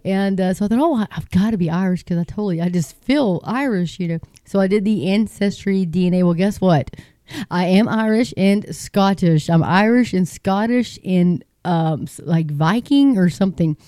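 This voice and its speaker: Her warm, medium-pitched voice moves at a moderate pace as she reads news stories aloud in a folksy, wandering way. She's a middle-aged Christian host from Texas with a Texan accent, encouraging her viewers, and the studio sound is clean and echo-free.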